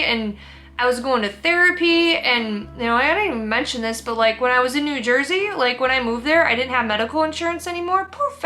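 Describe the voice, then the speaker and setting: A young woman with a high, bright voice tells a personal story straight to camera in a sit-down vlog, rambling and restarting. She is candid, teary and emotional, close to crying, while soft music plays faintly underneath.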